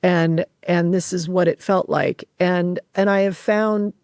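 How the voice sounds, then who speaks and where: Halting, reflective female host. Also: on the low side, fairly even intonation, darkish tone, dry recording, studio quality. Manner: halting, emotional reflection with many restarts. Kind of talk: casual interview talk.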